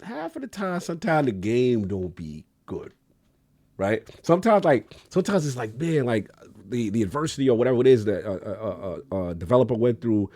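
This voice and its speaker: A mid-pitched man talks games in loose, slang-filled banter on a podcast. He gets animated and jumps up and down in pitch when he acts out what friends said. His delivery is casual and fast-flowing. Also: dry recording. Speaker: podcast co-host. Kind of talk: casual gaming podcast chat.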